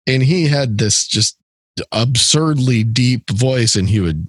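A man's voice: fairly low pitch, lively intonation, moderate pace, breathy edge, no room sound. A middle-aged man from the area co-hosting a casual music podcast, rambling with lots of fillers and restarts. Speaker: podcast co-host.

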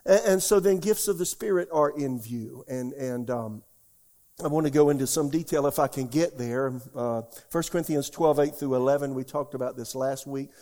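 A man's voice: medium pitch, normal speed, dark tone. An older man preaching a sermon as pastor, folksy and emotional, tearful at times, often repeating himself.

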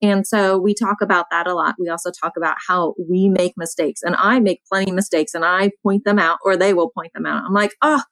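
Calm female elementary teacher, lower voice, dry close sound, soft-spoken and unhurried. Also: no echo, rough recording. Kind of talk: panel discussion.

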